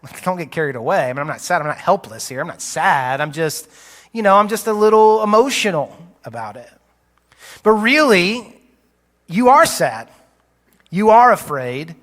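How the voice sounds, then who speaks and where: A male pastor preaching a sermon, conversational and teaching, with quick asides, recorded live in a church auditorium on a stage mic. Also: high-pitched, sharp tone. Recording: live church hall reverb.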